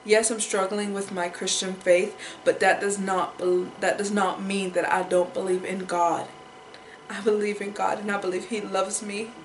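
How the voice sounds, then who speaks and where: A woman's voice: medium pitch, little pitch movement, normal speed, a little hiss or hum. Upset young woman vlogging in echoey room. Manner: upset, repeats herself, fighting tears. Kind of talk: emotional personal vlog.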